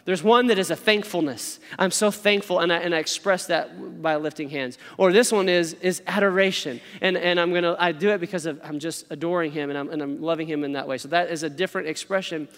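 High-voiced preacher in a reverberant hall. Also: male voice, fairly quick, few pauses. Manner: lively storytelling with frequent "okay?" asides. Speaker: pastor. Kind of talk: sermon.

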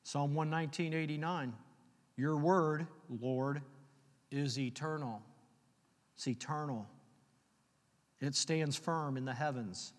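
A man preaching a sermon, reading scripture slowly and telling personal stories in a conversational way. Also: fairly high pitch. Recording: long hall reverb.

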